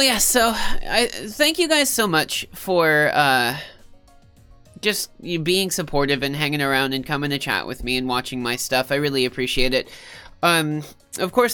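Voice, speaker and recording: A woman's voice: low-pitched, a bit bright, clear, resonant tone. A woman streamer with a stuffed-up nose, chatting casually and rambling with her live viewers, often cutting herself off and joking. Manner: rambling, self-interrupting, joking.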